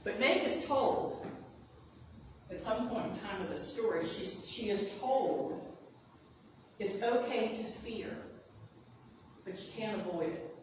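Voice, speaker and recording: Slowly and with long pauses, a woman reverend with a mid-range voice and lively intonation tells a story in her sermon, earnest and reassuring throughout. She was recorded from afar in the echoing, noisy sanctuary of a spiritual center.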